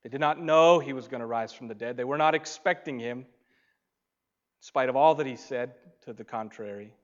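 A man preaching a sermon, swinging between loud emphasis and soft, quiet asides. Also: mid-range voice, fairly quick, highs cut off. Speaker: pastor.

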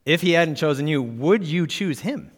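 A man's voice: on the high side, animated, normal speed. A man preaching a sermon as pastor, emphatic and pushing up on key words, asking his listeners direct questions. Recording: reverberant hall.

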